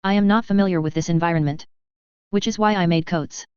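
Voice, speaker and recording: A woman reads first-person fan fiction aloud in a casual, wry voice, tossing in dry asides. Her voice sits a little low and is very smooth and clear. It is recorded close in a dead-dry space, with slightly dull, lo-fi sound. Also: quick pace, darkish tone, no echo. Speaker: reader.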